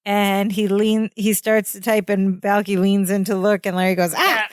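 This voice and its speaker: A woman's voice: medium pitch, little pitch movement, normal speed, darkish tone, dry recording, clean studio sound. A woman co-hosting a podcast, casually recapping a sitcom episode and mimicking the characters' lines and reactions. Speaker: podcast co-host.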